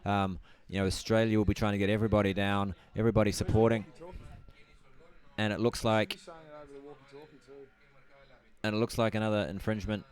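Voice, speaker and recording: Low, flat-voiced male color commentator. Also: fairly quick, pauses often. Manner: hesitant, lots of ums and you-knows. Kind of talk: live sports commentary.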